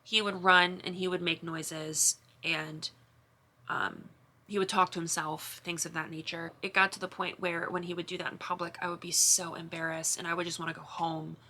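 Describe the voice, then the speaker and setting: A young woman speaks to camera in an emotional, confessional vlog. Her voice is bright and rather low-pitched. She rambles and starts her sentences over again and again. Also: level tone, normal speed. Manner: emotional, rambling with many restarts and fillers. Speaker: vlogger.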